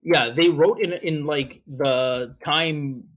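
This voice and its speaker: A man's voice: on the high side, slow pace. A man co-hosting a casual podcast, retelling old pranks with easy laughs and the odd swear. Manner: laughing, relaxed storytelling with swearing. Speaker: podcast co-host. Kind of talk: casual chat.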